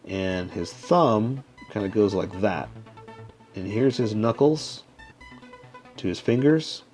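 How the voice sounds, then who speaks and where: A man with a lowish voice calmly explains a drawing step by step as he works. His talk is loose and unhurried, with frequent "okay?" check-ins, and soft music plays faintly behind him. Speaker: drawing tutorial host. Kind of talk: casual step-by-step drawing instruction.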